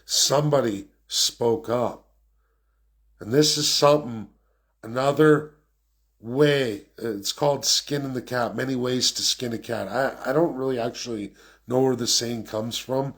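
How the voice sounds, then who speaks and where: A man giving an unscripted political rant as a vlogger, talking quickly and emphatically and repeating phrases for effect. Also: medium pitch, fairly bright tone. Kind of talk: unscripted ranting monologue.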